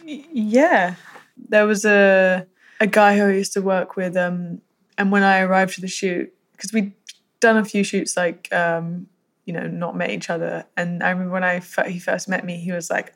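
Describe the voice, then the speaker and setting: A young woman with a British accent talks casually in an interview, in a fairly low voice. She stops and restarts a lot, searching for words, and keeps a dry, wry edge throughout. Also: fairly even intonation, normal speed. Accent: British English. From Britain. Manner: hesitant, many fillers and restarts, dry humor. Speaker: interview guest, photographer.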